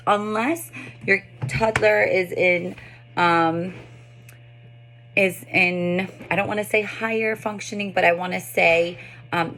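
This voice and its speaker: A woman in her thirties, a speech pathologist, calmly explaining to parents how to read books to toddlers. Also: fairly low pitch, creaky. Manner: calm explanatory talk with bursts of lively read-aloud demonstration. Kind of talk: explaining tips to parents and therapists.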